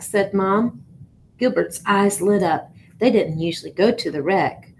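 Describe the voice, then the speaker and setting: A woman teacher reading a picture book aloud, expressive but now and then stumbling and repeating words. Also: on the low side, unhurried, gravelly, slight background noise, rough recording.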